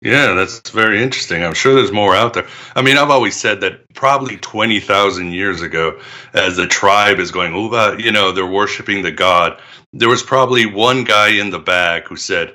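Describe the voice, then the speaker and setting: Low voiced guy on a podcast, really bright sharp tone, rambles into stories and laughs a lot. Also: normal speed. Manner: expansive, storytelling, laughs often. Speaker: podcaster guest. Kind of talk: conversational interview.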